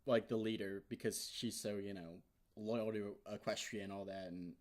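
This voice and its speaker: A man excitedly recapping a TV episode in a casual, rambling way, swearing often and leaning on filler words. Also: lowish voice, moderate pace. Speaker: vlogger reviewing an episode.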